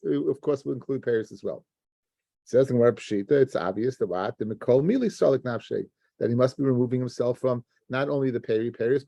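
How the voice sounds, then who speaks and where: A man with a gravelly, dark voice teaches a daily Talmud lesson in a dry, close-sounding room. He works through the text step by step, stumbling and restarting words as he talks to his students. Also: mid-range voice, no room sound, lo-fi sound. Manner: explains step by step, restarts words, addresses listeners as guys.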